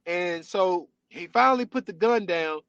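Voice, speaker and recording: A man hosting a podcast, retelling a story in an animated, casual way with lots of "you know what I'm saying". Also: sits high, a little slow, no echo, highs cut off. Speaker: podcast host. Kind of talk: casual chat.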